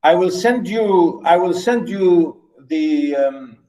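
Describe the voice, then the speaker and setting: Older man lecturing slowly, emphatic. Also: high-pitched, expressive, warm tone, low-quality recording. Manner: emphatic, repeats phrases, restarts often. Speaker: literature lecturer. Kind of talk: university lecture.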